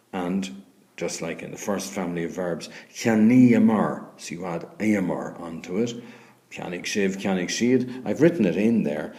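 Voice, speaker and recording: Slow, deep-voiced Irish male teacher. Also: mellow. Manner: patient, spells out letters, asks "okay?" often. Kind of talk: recorded grammar lesson. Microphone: voice-over on a screen recording.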